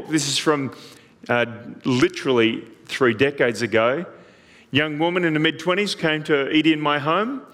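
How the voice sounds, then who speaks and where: A male pastor preaches with lively storytelling and slips into the voices of the people in his stories. His voice sits a little high for a man. The sound carries a long reverb, as in a large hall. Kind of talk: sermon.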